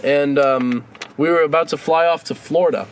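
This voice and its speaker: Young male podcast co-host, slightly high voice, lively storyteller who swears and acts out dialogue. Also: normal speed, slight background noise. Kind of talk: casual storytelling chat.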